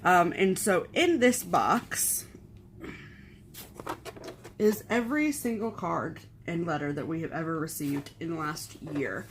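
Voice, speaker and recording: A woman's voice: fairly low pitch, a little slow, a little hiss or hum. A woman co-hosting a cross-stitch channel in casual chat, sentimental and talkative, running through long lists of things.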